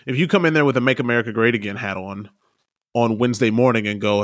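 A man's voice: mid-range voice, fast, no room sound, clean studio sound. A man co-hosting a casual podcast, arguing his points with rhetorical questions. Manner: argumentative, asks rhetorical questions. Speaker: podcast co-host. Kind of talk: casual political chat.

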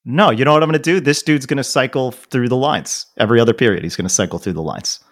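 A man's voice: medium pitch, fast. A man ranting and swearing in casual podcast chat as a co-host.

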